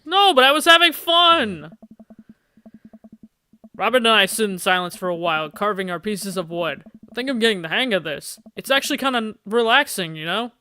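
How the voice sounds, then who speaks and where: Playful male let's-play host, smooth crisp voice, dry close sound. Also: high voice, a little fast, hardly any pauses, dry recording. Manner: playful, excitable, jokey. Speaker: gaming channel host. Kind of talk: let's play commentary, reading game text.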